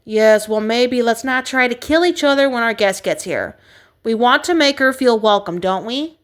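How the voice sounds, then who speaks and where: Eager, chirpy young princess, high and bubbly; woman reader plays her. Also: expressive, moderate pace, lightly acted.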